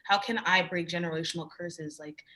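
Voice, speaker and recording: Young woman student, emotional, halting with many fillers, lowish voice, video call. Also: steady tone, pushed and bright. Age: young adult. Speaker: student club president. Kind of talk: question from the audience.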